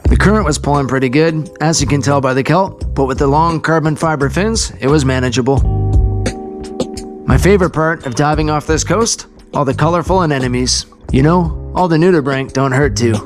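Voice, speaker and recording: A man's voice: a little high, a little fast, over music. A man vlogging outdoors in a casual, laid-back and upbeat way, chatting and narrating. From Canada. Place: outdoors on a coast.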